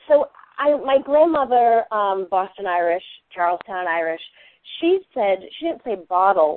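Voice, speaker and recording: A woman from Eastern Massachusetts, a novelist being interviewed, talks in an animated way, often restarting her sentences. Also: mid-range voice, no echo. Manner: animated, frequent restarts and laughter. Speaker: novelist guest. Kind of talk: conversational interview. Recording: tinny dry phone-line audio.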